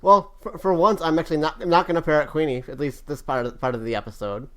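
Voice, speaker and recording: A man hosting a casual wrestling podcast over a remote call, relaxed, stumbling over and repeating words, swearing casually. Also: on the high side, fast. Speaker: podcast host.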